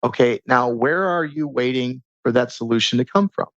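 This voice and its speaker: A man guest on a podcast, talking in a casual, animated way and teaching through stories and rhetorical questions. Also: medium pitch, moderate pace, no room sound. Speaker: podcast guest, transformation coach. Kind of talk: casual conversational interview. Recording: dull lo-fi sound.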